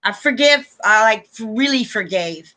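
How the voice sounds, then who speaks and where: An effusive woman hosts a casual spiritual chat with a bright, forceful voice pitched a little high. She talks openly and emotionally, often turning to her viewers as "you guys.". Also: expressive, moderate pace. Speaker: host of a live panel stream.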